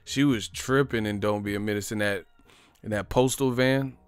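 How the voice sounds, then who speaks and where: A man hosting a casual live stream, rambling and swearing, laughing often and acting out movie lines in loud, high voices. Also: steady tone, moderate pace, clean tone, no echo.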